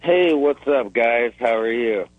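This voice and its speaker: A man phoning into a comedy radio show, his voice husky and mid-pitched. He asks muddled questions in a deadpan way, and the sound is dry and close. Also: a little slow, no room sound, phone-quality sound. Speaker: caller. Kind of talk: casual call-in chat.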